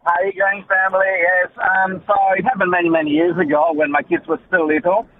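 A middle-aged man calling a radio show, telling a story in a relaxed, rambling way. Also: high-pitched, a little fast, slight background noise. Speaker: caller. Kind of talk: casual chat. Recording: tinny phone line.

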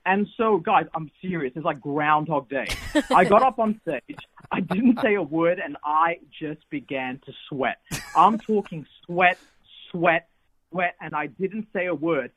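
A man in his thirties, a pastor telling a personal story as a radio guest over the phone, lively with repeated emphasis. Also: a little high, unhurried. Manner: lively, repetitive emphasis, builds to exhortation. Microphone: phone call. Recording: tinny phone line, husky.

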